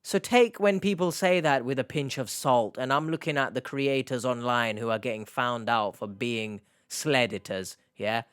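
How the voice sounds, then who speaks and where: A man's voice: mid-range voice, normal speed, few pauses, a bit bright, clean tone, dry recording. A man hosting an online reaction video, giving sarcastic, mocking commentary in a casual way.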